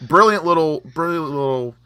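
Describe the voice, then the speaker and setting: Bright, ranting football fan. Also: male voice, fairly high pitch, animated, moderate pace, clear, resonant tone, no room sound. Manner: heated, sweary ranting. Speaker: guest pundit. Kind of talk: casual post-match chat.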